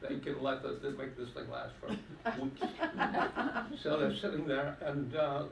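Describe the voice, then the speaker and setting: A man's voice: mid-range voice, fairly even intonation, unhurried, gravelly. A man telling jokes on stage at a talent show in a hall, rambling with fillers and putting on voices for the characters. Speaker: stand-up comedian. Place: senior center hall. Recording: echoey hall from far off, faint noise.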